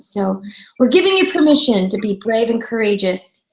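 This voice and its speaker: Chatty woman host, a bit high. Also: very animated, moderate pace, low-quality recording. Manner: chatty storyteller, acts out quoted voices. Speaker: radio show host. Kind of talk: casual interview chat.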